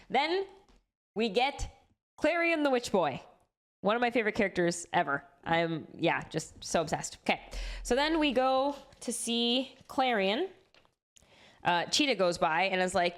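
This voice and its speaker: A woman's voice: mid-range voice, lively intonation, a little slow, long pauses. Enthusiastic, chatty woman streamer. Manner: enthusiastic, chatty, swears freely. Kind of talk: casual chat about comics.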